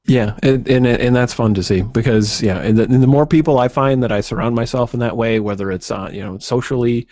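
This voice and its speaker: A man co-hosting a podcast in casual chat, rambling and halting with many restarts. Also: medium pitch, darkish tone, no echo. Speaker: podcast co-host.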